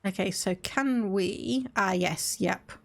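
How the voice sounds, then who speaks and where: A woman's voice: medium pitch, takes it slowly, vocal fry. A woman VTuber giving casual, chatty commentary as she plays a game, thinking aloud. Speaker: VTuber streamer.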